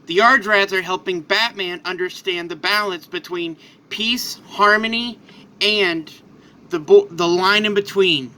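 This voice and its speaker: A man's voice: high voice, measured pace. Man telling a rambling fan story. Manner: rambling and animated. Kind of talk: casual improvised storytelling.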